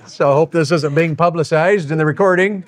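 A middle-aged male preacher with a slightly higher voice tells a marriage story. His delivery is folksy and animated, and it rises and falls with the tale. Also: fairly quick.

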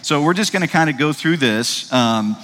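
A man's voice: on the high side, lively intonation, moderate pace, fairly bright tone. A man giving a sermon as pastor, talking casually with many fillers and "right?" checks, and reading scripture aloud. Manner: conversational, frequent fillers and tag questions; reads scripture aloud in old-fashioned wording. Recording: long hall reverb.

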